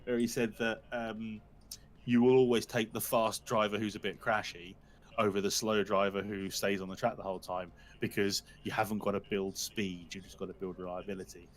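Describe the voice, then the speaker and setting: A man, a guest on a casual live-stream chat, teasing and quick with a quip. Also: lowish voice. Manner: teasing, laughs often, quick quips.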